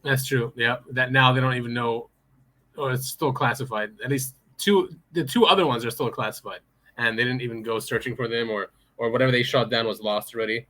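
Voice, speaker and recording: A man hosting a podcast in casual chat, excitable and laughing often. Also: mid-range voice, fairly quick. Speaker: podcast host.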